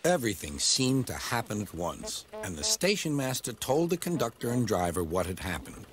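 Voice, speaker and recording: A man narrating a children's cartoon story as an expressive storyteller. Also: mid-range voice, normal speed, a crowd in the background. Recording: narration over music score.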